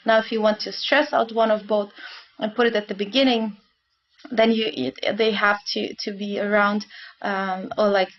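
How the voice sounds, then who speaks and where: A woman's voice: mid-range voice, fairly even intonation, moderate pace. A woman teaching grammar over slides in a patient, repetitive way, full of fillers and reminders. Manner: patient, repeats points, many fillers. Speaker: German teacher. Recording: dull lo-fi sound.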